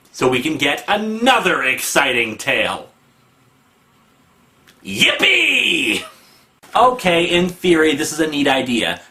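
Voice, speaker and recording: A man's voice: fairly high pitch, pushed and bright. A man hosting a sarcastic comedic comic book review, snarky and mocking.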